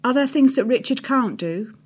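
A woman's voice: high-pitched, lively intonation, normal speed, husky. Woman reading a feature aloud. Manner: reads quotes with a lift, drops for speech tags. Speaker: narrator reading an article. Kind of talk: scripted narration reading quotes aloud.

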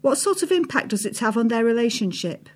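A woman with a fairly high voice reads a newspaper feature aloud. She narrates in an even, measured way and drops low on each "she says" tag. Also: breathy edge. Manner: reads quotes with a lift, drops for speech tags. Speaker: narrator reading an article. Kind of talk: scripted narration reading quotes aloud.

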